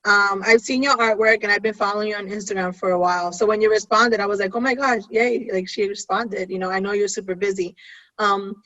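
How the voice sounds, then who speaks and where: A woman's voice: mid-range voice, steady tone, a little fast, bright, forceful tone, dry recording. A woman co-hosting a casual chat, chatty and self-deprecating. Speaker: co-host. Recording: dull, dry sound.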